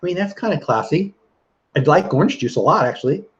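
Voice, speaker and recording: A man's voice: fairly high pitch, animated, fairly quick. A middle-aged man hosting a casual livestream, chatting and reading viewer comments aloud with easy laughs. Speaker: livestream host reading chat. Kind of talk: casual live chat. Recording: dull lo-fi stream audio.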